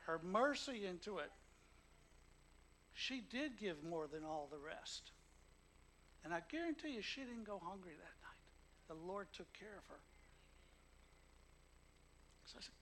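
Emphatic high-voiced male preacher. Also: very animated, a little slow, long pauses, slight background noise, low-quality recording. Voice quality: emotional, emphatic. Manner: storytelling with acted quotes, swinging from hushed to loud. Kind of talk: sermon.

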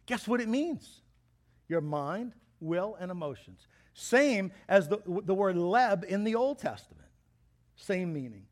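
Brief: man, high voice, pastor giving a sermon, animated and playful, acts out quotes. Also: unhurried. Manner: lively, joking preacher who acts out quotes.

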